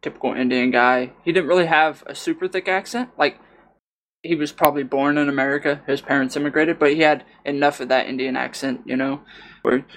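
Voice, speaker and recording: A young man in casual podcast chat with a gravelly, fry-laden voice sitting a bit high for a guy. He rambles through stories loosely and leans on lots of filler words. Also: fairly even intonation, brisk, fairly bright tone. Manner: rambling storyteller, many fillers like "like" and "dude". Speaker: podcast co-host.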